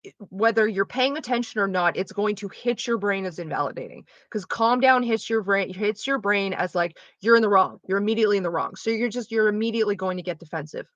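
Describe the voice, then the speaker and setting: A young woman streamer talks in a bright, sharp tone, frank and explanatory, cursing freely as she chats. Her voice sits close on a dry, dull, lo-fi mic with no room around it. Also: mid-range voice, quick pace, no room sound. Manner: frank, explanatory, swears freely, acts out quoted reactions. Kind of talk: casual chat while streaming a game.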